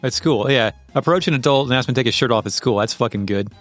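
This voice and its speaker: Fast-talking, sarcastic male podcast host. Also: mid-range voice, faint music behind. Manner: fast, sarcastic, profane quips. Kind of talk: casual chat.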